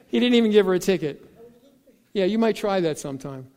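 High-voiced preacher in a reverberant hall. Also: male voice, normal speed, long pauses, smooth. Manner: folksy storytelling with jokes; animated, acts out dialogue. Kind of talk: sermon.

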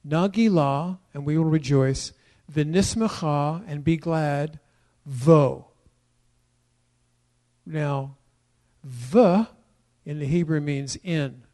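A middle-aged man preaching a sermon, emphatic and building to loud declarations. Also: a little high, drawn-out words, long pauses. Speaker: pastor.

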